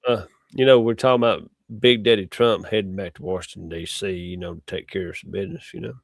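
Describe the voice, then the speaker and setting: A man's voice: sits low, fairly even intonation, fast talker, gravelly, no echo, clean studio sound. A man, hosting a casual political chat show, joking and teasing his co-host.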